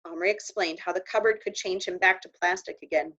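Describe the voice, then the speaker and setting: A woman reading a children's novel aloud in an expressive storytelling voice. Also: fairly low pitch, a little fast, few pauses. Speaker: audiobook reader. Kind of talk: children's book read aloud. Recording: dull lo-fi recording.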